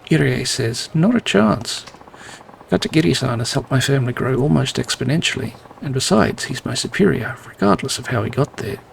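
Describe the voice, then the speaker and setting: A man's voice: medium pitch, a little fast, gravelly, hardly any pauses, slight background noise. A man playing a video game, reading the characters' lines aloud and adding dry, wry asides. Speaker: gameplay narrator.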